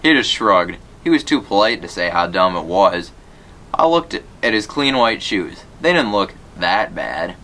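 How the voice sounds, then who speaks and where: A man's voice: low-pitched, sing-song, measured pace, pushed and bright. A man reading a children's novel aloud, telling the story plainly and voicing the characters lightly. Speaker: reader.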